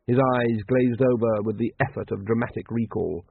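A man's voice: medium pitch, fairly even intonation, normal speed, vocal fry, slightly rough, no room sound. A man narrating a comic fantasy audiobook in a wry storytelling manner. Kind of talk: scripted narration. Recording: dry, tinny, phone-like sound.

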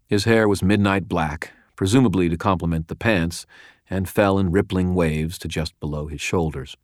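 A man reading a first-person audiobook narration in a wry, deadpan storytelling manner. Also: deep voice, normal speed, dry recording, clean studio sound.

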